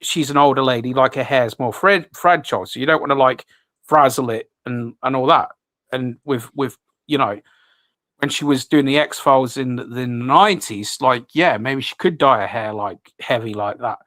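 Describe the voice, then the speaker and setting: A man's voice: mid-range voice, moderate pace, a bit bright, dry recording. Rambling man, dry close sound. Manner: rambling, many restarts and fillers. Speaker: host. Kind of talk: casual radio chat.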